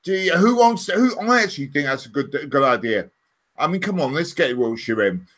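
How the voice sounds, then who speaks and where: Brief: male co-host, bright forceful tone, easygoing and giggly, reads comments. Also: a little high, sing-song, brisk. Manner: amused, laughs often while reading comments. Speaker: co-host reading viewer comments. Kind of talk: casual fan chat.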